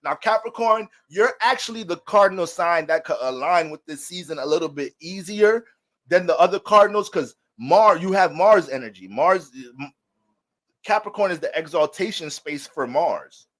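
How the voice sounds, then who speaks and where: A man's voice: fairly high pitch, lively intonation, moderate pace, fairly bright tone. A man talking as an astrologer in a casual, profane and joking monologue.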